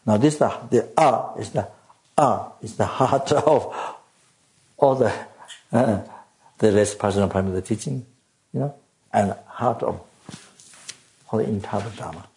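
Male Buddhist teacher, low gravelly voice, halting delivery full of fillers and throat-clearing. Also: a little mellow, rough recording. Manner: halting, many fillers and repeated words; often clears throat and coughs. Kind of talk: Dharma teaching to students.

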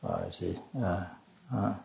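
A man giving a dharma talk as a Buddhist teacher, halting and full of fillers, often coughing and clearing his throat. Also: low voice, flat delivery, a little mellow. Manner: halting, many fillers and restarts.

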